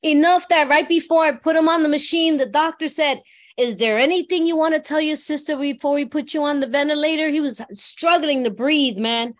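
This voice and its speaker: High-voiced woman sharing a recovery story. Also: fairly quick. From New York. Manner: heartfelt, conversational, often asks "you know what I mean". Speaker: workshop speaker. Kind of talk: personal recovery share.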